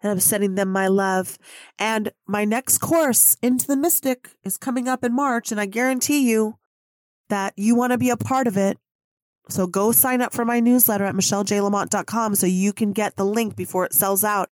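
A woman delivering an inspirational spiritual monologue on her podcast, emotional and affectionate, laughing often. Her voice sits at an ordinary middle pitch. The sound is close and dry, with no room echo. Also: moderate pace. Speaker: podcast host.

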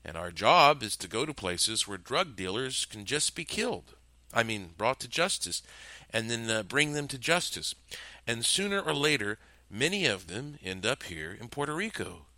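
A man doing a calm, menacing killer. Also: mid-range voice, moderate pace, dry recording. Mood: musing. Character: calm menacing male killer, fatherly and amused.

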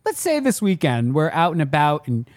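A man's voice: a little high, huge pitch swings, moderate pace, no room sound, studio quality. A man co-hosting a podcast in casual chat, rambling and laughing easily. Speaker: podcast co-host.

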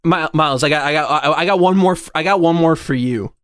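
Excitable guy cohosting a podcast, swears a ton, kinda high voice, dry sound. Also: fast talker, smooth, no room sound. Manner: profane, excitable, laughs often. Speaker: podcast co-host. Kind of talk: casual chat.

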